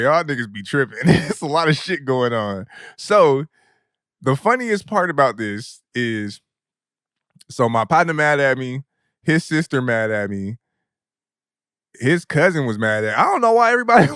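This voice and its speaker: A young adult man hosting a podcast, telling a comedic story in a loose, profane, animated way with lots of laughter. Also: mid-range voice, dry recording, studio quality. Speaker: podcast host.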